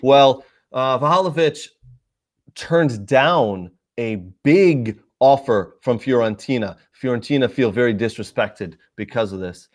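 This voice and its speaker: A man's voice: mid-range voice, measured pace. A man hosting a live soccer show, talking casually to viewers with lots of fillers and asides. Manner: chatty, addresses viewers directly, many fillers. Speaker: sports show host.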